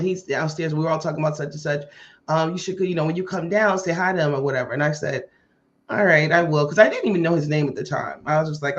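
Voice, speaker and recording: A woman hosting a podcast tells a personal story in a casual way and acts out the dialogue with lively voices. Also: low-pitched. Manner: animated, acts out quoted dialogue. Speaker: podcast host. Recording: muffled lo-fi audio.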